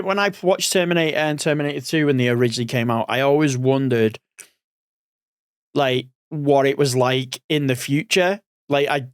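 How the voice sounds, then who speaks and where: A man's voice: medium pitch, clean tone, no room sound, studio quality. A man in his forties giving casual gaming commentary as a streamer, rambling and thinking aloud, a bit sleepy. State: sleepy, yawning.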